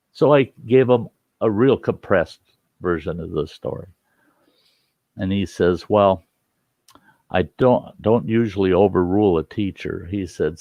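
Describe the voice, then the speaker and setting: A man's voice: sits low, mellow, no echo. An older man telling a personal story in a folksy, casual way, acting out the voices of the people in it. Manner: folksy, acts out quoted voices. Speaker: storyteller host. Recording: dull lo-fi recording.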